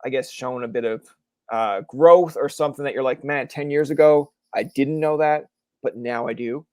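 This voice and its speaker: A man's voice: medium pitch, normal speed, no room sound. A young man from Canada hosting a podcast, chatting casually and acting out the people in his stories. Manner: animated storyteller, acts out quoted people. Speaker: podcast host. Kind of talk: casual chat.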